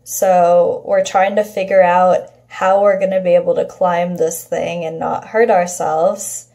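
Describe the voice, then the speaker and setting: Slow, mellow-voiced woman telling a story. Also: fairly low pitch, steady tone. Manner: chatty and profane, many filler "like"s. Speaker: vlogger. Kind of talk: casual storytelling.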